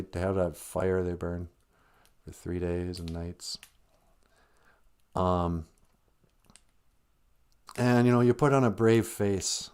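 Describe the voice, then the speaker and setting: A man with a fairly low voice talks casually on a live stream, joking gently at his own expense. He sounds close to tears as he speaks. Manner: joking, self-deprecating, gentle.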